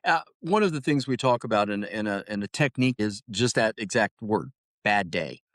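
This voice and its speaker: A middle-aged man, a retired highway patrol officer, telling stories in a casual interview and often repeating words as he starts a thought. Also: normal speed, dry recording, studio quality. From Ohio, United States. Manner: storytelling, animated, repeats words when starting.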